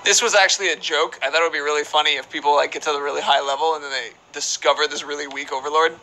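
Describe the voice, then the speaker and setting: A man's voice: a little high, fairly even intonation, racing, bright, forceful tone, a little hiss or hum, poor audio. A young man streaming a game, chatting casually and reading out viewer questions in a rambling, playful way. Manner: rambling, playful, reads chat aloud. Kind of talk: casual live-stream chat while playing.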